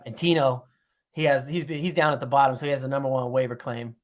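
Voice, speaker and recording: A man's voice: medium pitch, quick pace. A man co-hosting a casual podcast, telling stories with acted-out quotes and lots of swearing. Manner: animated storyteller, acts out quotes, swears a lot. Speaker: podcast co-host. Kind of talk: casual chat.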